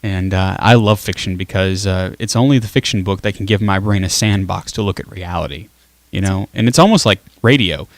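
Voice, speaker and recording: A man's voice: low-pitched, a little fast, no echo. A man hosting a casual talk show, chatty and laughing easily as he reads listener comments. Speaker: show host. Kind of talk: casual chat.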